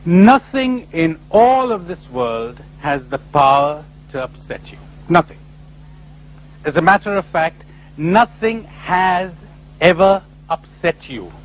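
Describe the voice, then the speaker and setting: A man giving a lively spiritual conference talk, full of rhetorical questions and acted-out voices, on an old tape recording. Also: high-pitched, takes it slowly, rough recording. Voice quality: animated, rhetorical, acting out imagined voices. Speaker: speaker at a spiritual retreat conference.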